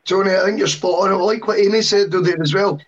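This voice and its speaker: Male podcast co-host, high pitch, rambling casual talk, muffled remote recording. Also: steady tone, fast. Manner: chatty, long-winded with asides. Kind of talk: casual football podcast chat.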